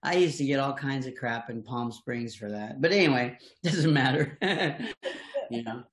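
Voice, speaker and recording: An older man tells rambling anecdotes, chuckling and restarting as he goes. His voice sits in a middle pitch, and the room gives it a noticeable echo. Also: unhurried, a bit bright. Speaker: voice actor guest. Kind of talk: casual anecdotal chat. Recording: echoey room.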